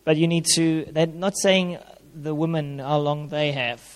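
A man's voice: on the high side, level tone, measured pace. A man giving an informal sermon on marriage as a pastor, conversational and plain-spoken, repeating key phrases. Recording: long hall reverb.

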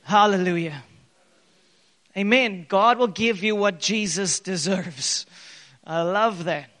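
High, bright-voiced preaching man. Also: slow. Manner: animated preaching with bursts of loud acted quotes. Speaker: pastor. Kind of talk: sermon. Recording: long hall reverb.

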